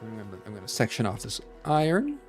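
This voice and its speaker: A man's voice: on the low side, wildly swooping pitch, quick pace, soft background music. A man streaming a factory-building game, muttering to himself with playful asides. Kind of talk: casual gameplay commentary.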